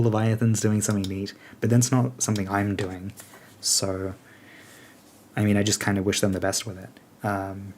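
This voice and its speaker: A man with a lowish voice talks through his plans in a loose, rambling way, pausing on "um" and "like" while he works out his answers. He speaks as a game alliance leader in relaxed, unscripted chat. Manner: rambling, thinks aloud with many fillers. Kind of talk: casual chat answering questions.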